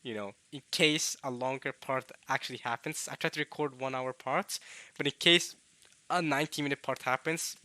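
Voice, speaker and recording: Young man, tired strained voice, very bright, dry close sound, rambling let's play chatter, coughs and throat-clearing. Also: mid-range voice, moderate pace, no echo. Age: young adult. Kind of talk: casual late-night let's play commentary.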